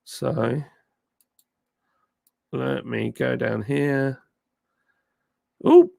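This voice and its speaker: Gravelly chatty English live streamer. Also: male voice, medium pitch, fairly even intonation, very slow, mellow, no room sound, studio quality. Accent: southern English, softened by years in northern England. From southern England. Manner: chatty, thanking viewers by name, frequent ums and uhs. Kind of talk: casual live-stream chat, reading out viewer comments. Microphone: phone with a plug-in mic.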